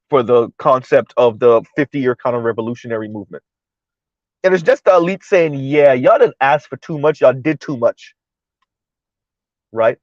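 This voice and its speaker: A livestream host gives emphatic political commentary, checking in with viewers by repeatedly asking "right?" His voice is medium-pitched, and the audio is dull with no echo.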